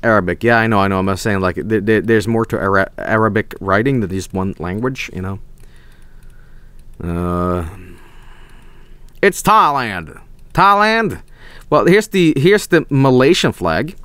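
A young man with a Swedish accent streaming a geography guessing game, thinking aloud, swearing and breaking into excited yelps. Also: fairly low pitch, a little slow, smooth, dry recording. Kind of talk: casual gameplay commentary.

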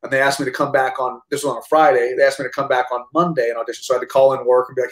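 An American actor and army veteran, appearing as a guest, talks fast in a mid-range voice during a casual storytelling interview. He is animated and rambling, with many restarts and casual swearing, recorded in a roomy space with noticeable echo.

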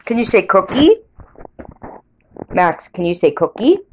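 A mother coaxing her toddler with slow, sing-song questions. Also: medium pitch, very animated, noisy background.

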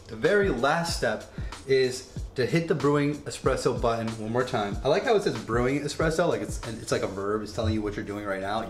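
A man casually demonstrating a home coffee setup, chatty and rambling with joking asides. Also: medium pitch. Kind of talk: casual product demo. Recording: echoey room with faint music.

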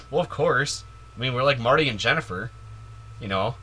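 A man's voice: medium pitch, animated, normal speed, sharp tone, breathy edge, faint music behind. A man giving playful, giddy commentary while playing a video game, joking and cheering, with many "like"s. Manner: playful, giddy, jokey, lots of "like" and "yay". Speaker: video game let's player. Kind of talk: casual gameplay commentary.

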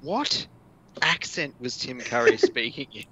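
A man's voice: medium pitch, expressive, a little slow, a loud crowd. A man co-hosting a podcast, joking and laughing through casual chat. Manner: joking, laughs while talking. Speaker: podcast co-host.

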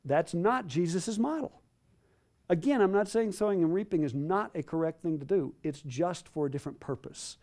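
High, lively emphatic male preacher. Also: normal speed. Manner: emphatic, repeats phrases for stress. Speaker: Bible teacher. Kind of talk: sermon teaching to a live audience.

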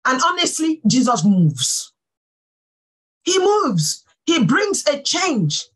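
A woman pastor giving a sermon, fervent and full of praise exclamations, swinging from soft talk to calling out. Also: high-pitched, wildly swooping pitch, slow pace, rough recording.

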